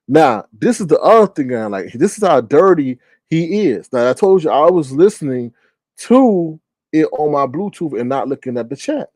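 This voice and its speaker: A man in a casual livestream, giving animated, slangy commentary and often mimicking others in high voices. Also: dry recording.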